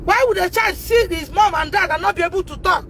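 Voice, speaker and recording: A Nigerian woman with a Nigerian English accent, speaking out on a phone livestream, emotional and repetitive, rising to shouts and tearful at times. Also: very high-pitched, brisk, gravelly, a little hiss or hum, poor audio. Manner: emotional, repeats herself, rises to shouting. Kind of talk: impassioned livestream testimony.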